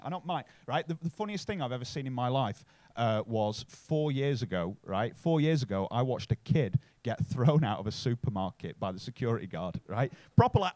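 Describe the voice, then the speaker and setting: A man's voice: mid-range voice, dry recording. A man from Bury near Manchester with a Manchester-area accent, doing a sweary stand-up set in a comedy club, chatting with the crowd and tagging lines with "right?".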